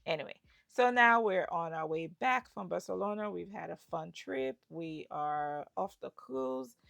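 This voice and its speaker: Gravelly low-voiced woman vlogger. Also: expressive, unhurried, fairly bright tone, no echo, studio quality. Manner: chatty, storytelling with asides. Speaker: travel vlogger. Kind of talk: casual travel vlog narration.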